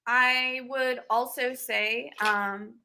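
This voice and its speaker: Bright-voiced woman chiming in slowly. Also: fairly high pitch, steady tone, slight background noise. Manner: brief, agreeable interjections. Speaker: podcast guest. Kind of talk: casual podcast chat.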